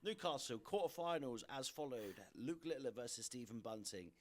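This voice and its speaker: Young guy hosting a darts podcast, chatty and quick, casual sports talk. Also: mid-range voice, expressive. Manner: chatty, quick, runs through fixtures. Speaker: darts presenter, podcast host.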